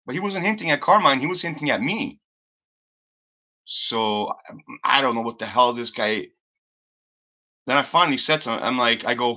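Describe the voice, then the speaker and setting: A man's voice: medium pitch, lively intonation, normal speed, pauses often, sharp tone. A man hosting a casual live stream, rambling through an exasperated story and swearing freely. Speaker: livestream host. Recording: slightly dull lo-fi stream audio.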